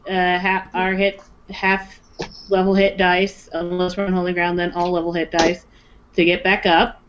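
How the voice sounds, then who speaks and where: A woman's voice: on the low side, slight background noise. A woman player in casual tabletop game chat, explaining rules and reading item text aloud over online voice chat. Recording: muffled lo-fi voice chat.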